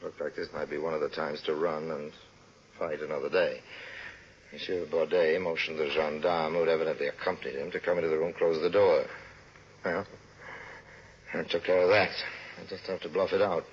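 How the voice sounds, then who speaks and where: A man's voice: a bass voice, flat delivery, brisk, long pauses, husky, full character voice. An actor playing a suave, sardonic con man who narrates an old radio drama. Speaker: narrator and lead. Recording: muffled old radio broadcast with hiss.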